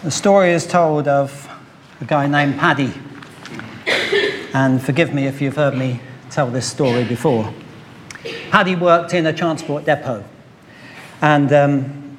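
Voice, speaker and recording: Man, sermon preacher, storytelling, slightly high voice, faint background noise. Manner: storytelling with quoted voices, measured pauses.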